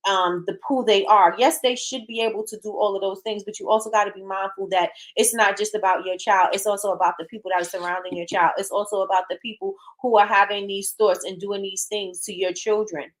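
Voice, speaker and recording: A woman talks bluntly as a show host, hammering home her points by saying them again and again. Her pitch sits in an ordinary middle range. She is casual and direct and reacts to viewer comments as she goes. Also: steady tone, a little fast, hardly any pauses. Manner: emphatic, repeats phrases for emphasis; frank and blunt. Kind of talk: casual opinion talk, reading live chat.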